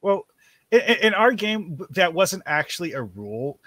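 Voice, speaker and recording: A man's voice: sits high, very animated, normal speed, a bit bright, dry recording. A man joining a live-streamed chat as a guest, asking questions hesitantly with many stammers. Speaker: guest caller.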